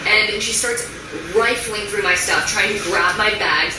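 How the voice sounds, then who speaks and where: A young American woman upsetly recounting events in a rapid, shaken way. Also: mid-range voice. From United States. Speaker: vlogger. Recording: distant echoey recording with noise.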